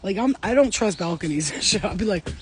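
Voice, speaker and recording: A man hosting a casual live stream as a spiritual reader, talking fast, swearing freely and joking with his viewers. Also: high voice, animated, slight background noise. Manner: fast, profane, playful, talks straight to chat.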